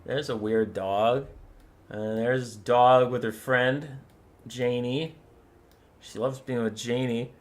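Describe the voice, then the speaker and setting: Feeling sick and stuffy, the young streamer chats casually with viewers while preparing a strategy game, wandering off-topic and cooing over pictures of pets. His mid-range voice is steady and slow, broken by long pauses.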